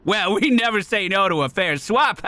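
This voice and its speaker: A man voicing a cheeky male bug thief who trades stolen goods, teasing and gruff. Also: high voice, lively intonation, normal speed, bright, forceful tone, voice pushed up. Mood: sly.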